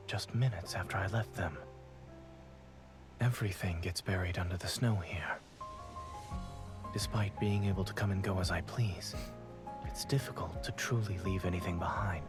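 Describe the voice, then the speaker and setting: An actor voicing a gentle, reserved young man from a game, speaking in a soft breathy whispered role-play. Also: low voice. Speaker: game character. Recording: game audio over loud music.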